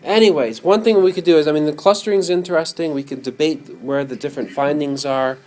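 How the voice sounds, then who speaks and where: A man giving a classroom lecture, animated and often putting questions to his students. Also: a little high, quick pace.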